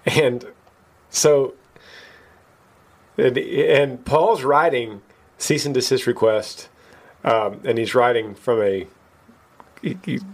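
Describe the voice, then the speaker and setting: A man's voice: mid-range voice, takes it slowly, long pauses. A man hosting a podcast, telling a story in casual chat and acting out the quoted lines with a lifted voice. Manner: animated, acts out quoted lines in a raised voice; laughs at himself mid-story. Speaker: podcast host.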